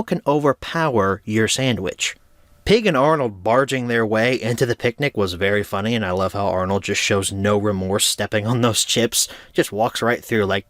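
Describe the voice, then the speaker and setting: A man's voice: mid-range voice, no room sound, clean studio sound. A man giving a casual, joking review of a cartoon, laid-back and full of slang.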